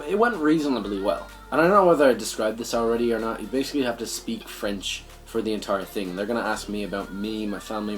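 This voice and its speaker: A young man with an Irish accent hosting a casual vlog, rambling with lots of "sort of" and frequent swearing. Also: lowish voice. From Ireland. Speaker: gaming channel host.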